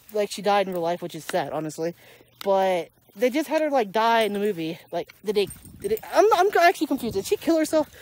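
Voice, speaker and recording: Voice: medium pitch, darkish tone. A young adult daily vlogger, out of breath, rambling through a casual movie review outdoors while walking a dog, chuckling often and groping for names.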